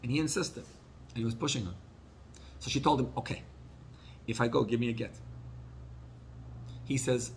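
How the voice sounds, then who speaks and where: A male rabbi telling a story in a sermon, acting out the people he quotes and dropping his voice low for sad moments. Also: normal speed, long pauses, a little hiss or hum.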